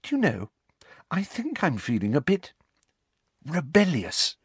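A clever, earnest teenage witch with a raised, bright voice, as a male storyteller puts her on. Her speech is brisk and lively, and the sound is close and dry. It carries a storybook feel. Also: a little high, slightly rough, no room sound, voice pushed up, heavily acted.

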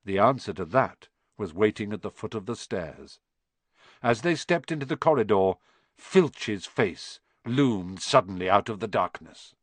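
A man reading an audiobook aloud, storytelling with animated inflection. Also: mid-range voice, unhurried, no echo. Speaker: audiobook narrator.

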